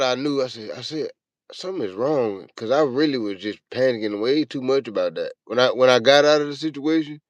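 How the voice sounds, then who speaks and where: A man hosting a show, telling a long, profane personal story in a casual, animated way. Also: mid-range voice, no room sound, studio quality. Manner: profane, animated, acts out his own panicked yelling. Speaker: show host.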